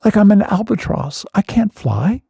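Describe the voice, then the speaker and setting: A gravelly, mellow-toned man recounts a personal story with vivid, self-mocking animation. His voice is husky at the edges and is heard close and dry, with no room sound. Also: high-pitched, big pitch swings, moderate pace, dry recording. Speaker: guest therapist.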